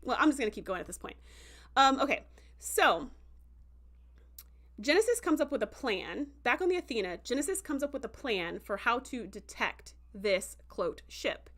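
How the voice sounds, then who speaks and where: Chatty higher-voiced woman reviewer. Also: normal speed. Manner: chatty, heavy with "like" and "um" fillers; breaks into animated voices for quotes. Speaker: show reviewer hosting a livestream. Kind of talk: casual livestream recap.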